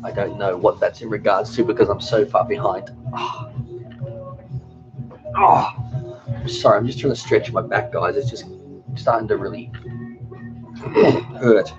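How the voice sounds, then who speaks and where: A man's voice: on the low side, fairly even intonation, brisk. A middle-aged man hosting a casual livestream chat, rambling and reading viewer comments aloud. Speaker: cooking channel host. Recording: dull lo-fi sound with music behind.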